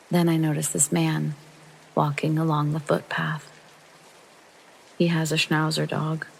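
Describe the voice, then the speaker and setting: Gravelly man reading a horror story. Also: on the high side, poor audio. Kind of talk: reading a first-person true horror story for sleep. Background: rain sounds.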